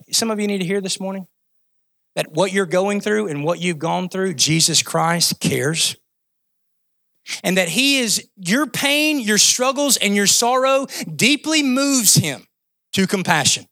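A man's voice: high-pitched, animated, a little slow, creaky, bright, forceful tone. A man preaching a sermon in a conversational, impassioned way, climbing to emphatic peaks and dropping into casual asides. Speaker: pastor.

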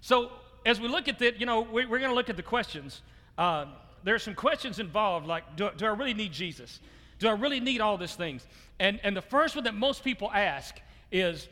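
A man's voice: high-pitched, animated, normal speed, bright, forceful tone, big-room sound. A man preaching a sermon to his church in a loose conversational way, repeating words as he restarts and chuckling often. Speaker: pastor. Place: church sanctuary.

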